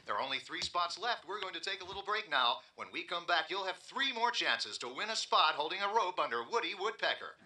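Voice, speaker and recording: An actor playing a radio disc jockey, speaking in smooth announcer patter. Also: male voice, high-pitched, very animated, brisk, few pauses, sharp tone, exaggerated voice. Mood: upbeat. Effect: radio broadcast. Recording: music under a radio broadcast.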